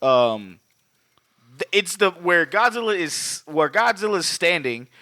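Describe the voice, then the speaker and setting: A man co-hosting a podcast in casual chat, animated and profane, laughing often. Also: high voice, unhurried, no echo, studio quality. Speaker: podcast co-host.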